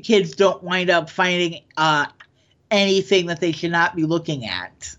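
A man's voice: high-pitched, lively intonation, measured pace, fairly bright tone. A man co-hosting a podcast who reads news stories in a casual chat and often stumbles and corrects himself. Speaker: podcast co-host. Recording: dull lo-fi sound.

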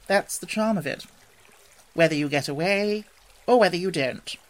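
A genial male water rat, voiced by a storybook reader, easygoing and expansive, rolling out his words with dreamy enthusiasm. The voice sits at a middling pitch and sounds pleasant and unhurried. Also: lightly acted. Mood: cheerful. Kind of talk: storybook reading.

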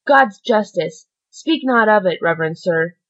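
A woman's voice: medium pitch, expressive, unhurried, a bit bright, lo-fi sound. A woman voicing a desperate dying male ex-convict, pleading in anguished outbursts.

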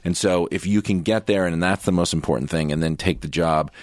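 A man with a very deep voice chats earnestly with a guest. He often restarts and repeats words as he works out a question, and the sound is dry and close. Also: a little fast, no echo. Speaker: podcast interviewer. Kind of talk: casual interview chat.

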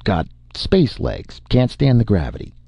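A man voicing a drunk, unsteady young male ex-spaceman who talks in a slurred, halting way. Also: fairly low pitch, huge pitch swings, creaky, dark tone, breathy edge, no room sound, pitched above the performer's own voice, heavily acted.

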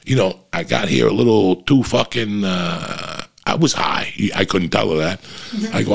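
Sex: man. Style: profane casual storytelling. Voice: heavy gravel, husky. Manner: animated. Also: moderate pace. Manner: animated, swears constantly, jumps in pitch for emphasis.

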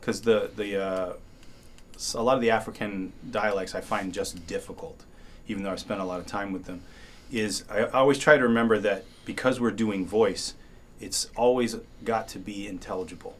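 Man voice actor, animated. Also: fairly low pitch, moderate pace, slight background noise. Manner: animated storyteller, acts out his own reactions. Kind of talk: casual panel discussion.

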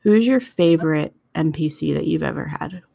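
A young woman talks in a relaxed podcast chat, rambling and filling her thoughts with fillers. Her voice sits low for a woman. The sound is close and dry, with no room echo. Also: moderate pace, creaky, slightly rough. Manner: chatty, rambling with many fillers. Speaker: tabletop game master.

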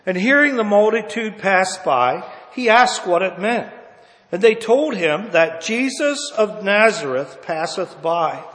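High-voiced man preaching a sermon in a reverberant hall. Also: animated, unhurried. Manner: rises to loud impassioned cries, drops to hushed low lines; reads scripture in old-fashioned wording.

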